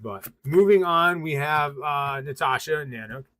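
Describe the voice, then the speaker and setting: A man's voice: on the high side, expressive, unhurried, fairly bright tone, no echo. A man from western Massachusetts hosting a live tarot reading, talking casually with a loose, rambling flow and plenty of ums and uhs. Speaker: tarot reader hosting a livestream.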